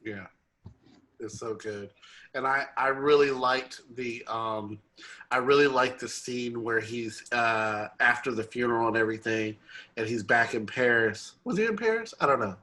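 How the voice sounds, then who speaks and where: A man's voice: mid-range voice, moderate pace, low-quality recording. A man co-hosting a podcast, chatting animatedly about a film and acting out the characters' lines. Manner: animated, acts out quoted lines. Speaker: podcast co-host. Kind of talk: casual movie review chat.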